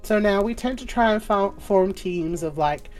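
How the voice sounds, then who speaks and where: A woman voicing a warm, slightly unhinged guild clerk who calls everyone love and darling. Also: mid-range voice, moderate pace, soft background music, voice pushed up, close to an everyday voice. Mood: doting.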